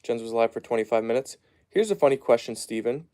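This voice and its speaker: A man's voice: medium pitch, expressive, fast. Chatty man live-streaming at home. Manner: chatty, reads viewer comments aloud and hushes his dogs softly. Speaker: live streamer reading chat. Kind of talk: casual live-stream chat. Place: at home, down in the basement.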